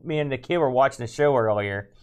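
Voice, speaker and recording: A man's voice: medium pitch, quick pace, darkish tone, clear, resonant tone. A man co-hosting a podcast in casual chat, rambling with dry, self-mocking sarcasm. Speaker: podcast co-host.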